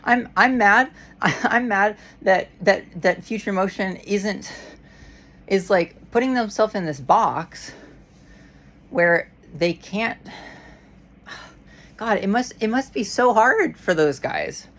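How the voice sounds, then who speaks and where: A woman venting in a casual vlog, heated and frustrated. She swears freely and stumbles through restarts as she pushes her point. Her voice sits at an ordinary middle pitch. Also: animated, slow, pauses often, a bit bright. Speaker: vlogger. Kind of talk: casual rant to camera.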